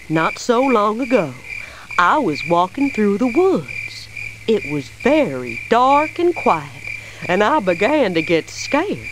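A woman voicing a timid young beaver who tells a spooky campfire story in a children's game, with lively, expressive storytelling. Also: mid-range voice, background noise. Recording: night ambience with crickets and frogs.

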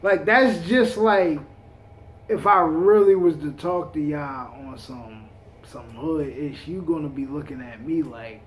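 A man's voice: high-pitched, a little slow, slight background noise. A man hosting a reaction video, chatting casually in heavy street slang with a laid-back drawl.

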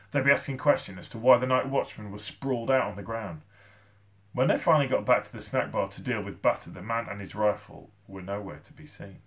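A male teacher reading a children's novel aloud to his class, with expressive storytelling. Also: on the low side. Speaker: primary school teacher.

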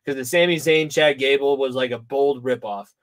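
A man's voice: mid-range voice, normal speed. A man co-hosting a podcast, chatting casually and teasing the others. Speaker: podcast co-host. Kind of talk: casual sports chat.

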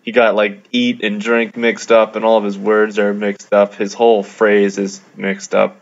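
Flat, gravelly young man telling a gaming story. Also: lowish voice, a little slow. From Canada. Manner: laid-back, amused, many fillers. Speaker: gamer narrating a video. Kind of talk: casual storytelling over gameplay. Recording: dull lo-fi mic.

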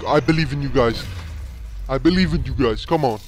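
A man hosting a reaction channel, giving excitable commentary and talking straight at the screen. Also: medium pitch, fairly quick, soft background music. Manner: excitable, talks to the screen with "yo" and "bro".

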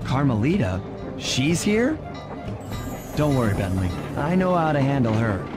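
A smooth-talking raccoon thief from a video game, cool and sure of himself. His voice swings lively up and down as he reassures his friends over game music. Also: medium pitch, a little slow. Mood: calm. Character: suave confident male raccoon master thief.

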